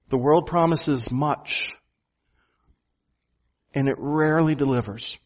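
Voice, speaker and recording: A man preaching a sermon to his church, earnest, slowing down and stressing key phrases. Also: mid-range voice, a little mellow, dull audio. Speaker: pastor.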